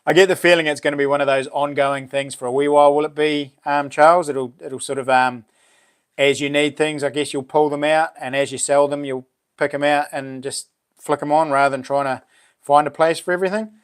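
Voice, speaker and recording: A man hosting a casual livestream chat, laughing often and reacting excitedly to viewers. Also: fairly high pitch, fairly quick, smooth. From New Zealand. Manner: chatty, laughs often, exclaims. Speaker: livestream host.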